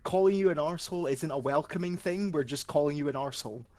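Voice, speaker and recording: A Scottish man, a streamer, telling anecdotes in casual chat, animated and swearing freely. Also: fairly high pitch, fast, no echo. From Scotland.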